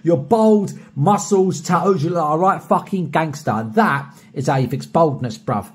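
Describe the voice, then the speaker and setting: A young British man recording a personalized video shoutout, boisterous and heavily profane, swinging from soft to loud. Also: on the high side, animated, moderate pace, slightly rough, soft background music. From Britain. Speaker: streamer recording a paid shoutout.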